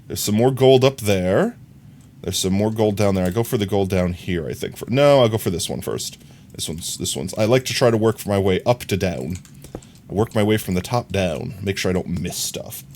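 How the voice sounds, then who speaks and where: A man's voice: fairly low pitch, moderate pace, darkish tone. A young man streaming a game live, chatting casually, rambling and correcting himself, often breaking into laughter. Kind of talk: casual live-stream chat while gaming.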